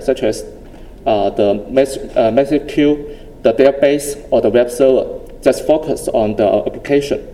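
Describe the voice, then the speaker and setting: A man presenting at a tech conference, with a very dark, mellow voice at a middle pitch. His delivery is halting and full of restarts as he walks through the steps of a demo. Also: poor audio. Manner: halting, with frequent restarts and plain phrasing; explaining step by step. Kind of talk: technical presentation with live demo.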